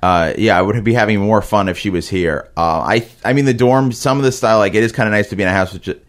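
A man with a Brooklyn-Queens New York accent talks in a very low register. He chats casually about comedy, halting often and filling gaps with "like" and "um". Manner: hesitant, halting with many fillers. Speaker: comedian guest. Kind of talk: casual chat.

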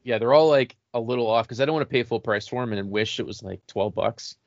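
A man's voice: medium pitch, fast, no echo, highs cut off. A man co-hosting a podcast, chatting casually and rambling with lots of filler words. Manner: relaxed, rambling with many "like" fillers. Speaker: podcast co-host. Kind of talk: casual chat about horror toys.

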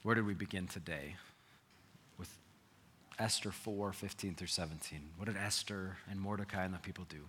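A man preaching a sermon as pastor, earnest, swinging between loud emphasis and quiet asides. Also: low voice, normal speed, a little hiss or hum. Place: church sanctuary. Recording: long hall reverb.

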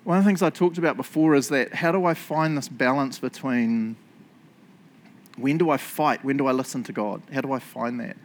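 A man preaching a lively sermon, laughing often and acting out the characters' voices. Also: mid-range voice, normal speed. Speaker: pastor.

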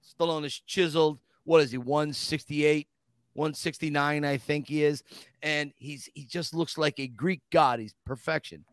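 Man, podcast host, high voice, dry close sound, emphatic animated storytelling. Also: normal speed, no room sound. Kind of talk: casual podcast chat.

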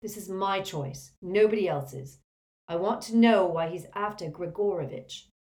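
A woman's voice: mid-range voice, measured pace, a little mellow, pitched above the performer's own voice, close to an everyday voice. A woman voicing a tense, stubborn teenage boy wizard who answers defiantly.

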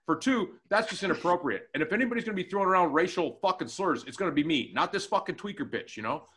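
Male co-host, crude animated storyteller, lively swinging pitch, bright tone. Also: fast. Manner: profane, animated anecdote telling with acted-out quotes. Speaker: podcast co-host and new tech guy. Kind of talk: casual chat, storytelling.

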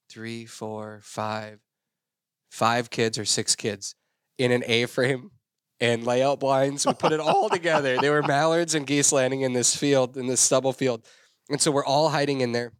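A man hosting a podcast, telling a story in a casual, animated way. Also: medium pitch, smooth, no echo, clean studio sound. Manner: animated storyteller, gets loud and excited. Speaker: podcast host.

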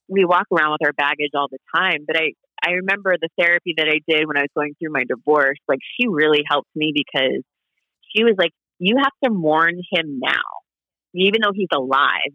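A man who is a guest on a podcast and answers in a casual, friendly way. He is quick to laugh and agree. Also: a little high, pushed and bright, dry recording, highs cut off.

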